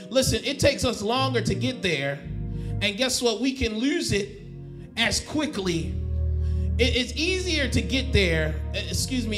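A male pastor preaching a sermon. He repeats and restarts phrases and calls on the congregation to answer back. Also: high voice. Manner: swings from soft to loud exhortation.

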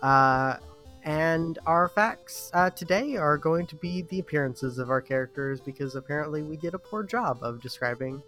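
A man hosting a tabletop game podcast, rambling and halting in casual chat with friends, laughing at himself. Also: fairly high pitch, fairly bright tone, soft background music. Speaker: podcast host and player.

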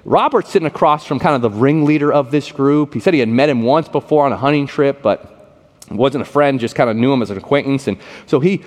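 A man preaching a sermon, telling a story in a conversational, animated way and often repeating words. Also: mid-range voice, a little fast. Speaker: pastor. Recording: long reverb of a large hall.

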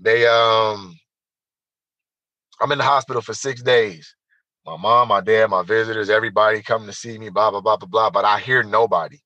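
A man telling a personal story as an interview guest, animated and emphatic, speaking straight to the listeners. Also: lowish voice, moderate pace, no room sound, muffled recording.

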